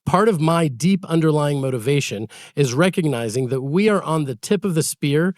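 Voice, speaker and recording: Earnest podcast guy, kinda high voice, dry close sound. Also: normal speed, dry recording. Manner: earnest, animated storyteller. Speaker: podcast co-host. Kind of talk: casual chat with storytelling.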